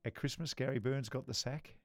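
A man's voice: medium pitch, no echo, studio quality. A middle-aged Australian man co-hosting a podcast in casual chat, telling stories with a ready laugh. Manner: lively storyteller, quick to laugh. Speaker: podcast co-host.

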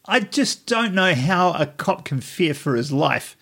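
A man in his fifties from New Zealand co-hosting a casual podcast, telling rambling stories with frequent pauses and restarts. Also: high-pitched, gravelly. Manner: relaxed, halting, rambling anecdotes. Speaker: podcast co-host. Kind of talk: casual chat.

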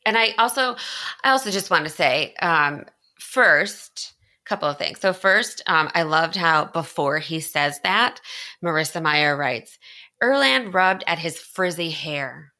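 A woman's voice: deep voice, a little slow, sharp tone. A woman co-hosting a podcast, chatting enthusiastically about books with frequent giggles. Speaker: podcast co-host. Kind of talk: casual book discussion.

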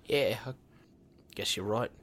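A man's voice: on the low side, measured pace. An actor playing an anxious male footballer, defensive and worried. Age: 30s.

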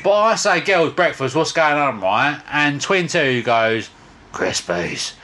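A man's voice: fairly high pitch, animated, unhurried, pushed and bright. A man, a father and podcast co-host, telling rambling, crude comic stories full of swearing and "I was like". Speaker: father of twins.

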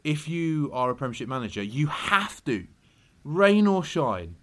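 A man's voice: fairly high pitch, big pitch swings, a little slow, a bit bright. A man co-hosting a casual football podcast, talking in a rambling, hesitant way with many restarts. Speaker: podcast co-host.

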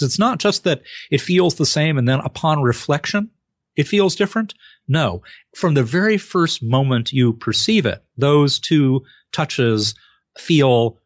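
Man explaining with lively acted examples. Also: fairly high pitch, no room sound, studio quality. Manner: lively, acts out examples with exclamations. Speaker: guest expert. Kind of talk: explanatory interview talk.

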